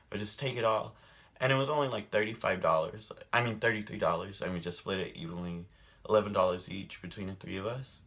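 Animated young man telling a story. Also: fairly low pitch, gravelly. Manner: animated storyteller, acts out quoted voices, laughs often. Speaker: vlogger. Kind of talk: casual storytelling while doing makeup.

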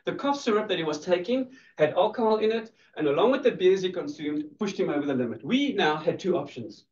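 A man's voice: high voice, lively intonation, a little fast, a little mellow, a little hiss or hum. A man giving a playful, teasing law lecture to a class, laughing often. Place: lecture room. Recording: distant echoey lo-fi room recording.

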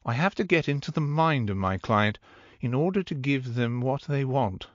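A man voicing a cool, bored, quietly menacing dominatrix woman who speaks in flat, clipped lines, in a dull, dry audiobook recording. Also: medium pitch, normal speed, dry recording, pitched above the performer's own voice, natural voice. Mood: measured.

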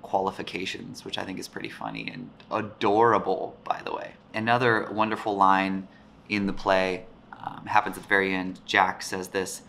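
Teacher guy rambling about a play, lowish bright voice, lots of pauses. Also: creaky, a little hiss or hum. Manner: thoughtful, rambling, with frequent pauses.

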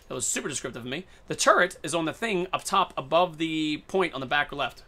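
A man live-streaming a shooter, talking in a casual and playful way as he narrates each moment. His tone is bright and a little edgy, and he jumps from excited outbursts to easy chatter with viewers. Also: a little high, fairly quick. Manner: excitable, playful, jokey running commentary. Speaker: game streamer.

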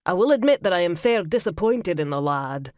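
A woman voicing a gruff, protective Highland man in an audiobook, speaking firmly in a lowered voice. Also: animated, fairly quick, a little mellow, no room sound, studio quality, close to an everyday voice. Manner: firm, insistent, lowered voice. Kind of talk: audiobook character voice.

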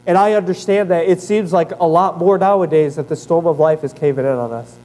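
A young man preaching a church sermon, starting low and earnest and building to loud, rising exhortation. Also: fairly quick, few pauses, poor audio. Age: young adult. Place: church sanctuary.

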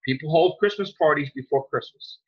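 A man hosting a podcast, ranting angrily with lots of swearing and sudden loud outbursts. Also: on the high side, fairly quick, breathy edge. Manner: heated, profane, jumps to loud outbursts. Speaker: podcast host. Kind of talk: angry podcast rant. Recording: dull lo-fi sound.

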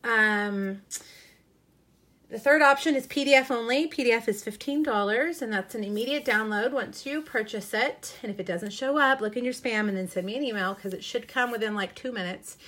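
Woman, middle-aged, slightly high pitch, chatty live-stream host, enthusiastic, casual, lots of ums. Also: moderate pace, fairly bright tone. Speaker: craft demonstrator hosting a live stream.

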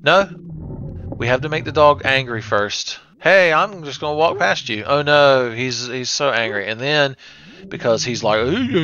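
A man's voice: mid-range voice, sharp tone. A man giving sarcastic, crude, joking commentary while playing a retro horror game. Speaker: let's play host. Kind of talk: comedic let's play commentary. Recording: slightly dull lo-fi mic with faint hiss.

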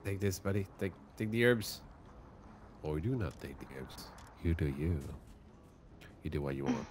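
A man's voice: low voice, animated, moderate pace, background noise. A man chatting casually during a game, rambling and joking, often trailing off mid-thought. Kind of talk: casual gaming chat.

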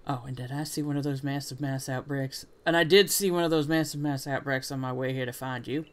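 A man doing a smug young rival in a video game, putting on a Southern drawl as he tries to outdo someone else. He talks in a boastful, one-upping way, at a middling pitch. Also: fairly even intonation, a little fast, fairly bright tone, clean tone, lightly acted. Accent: attempted Southern US.

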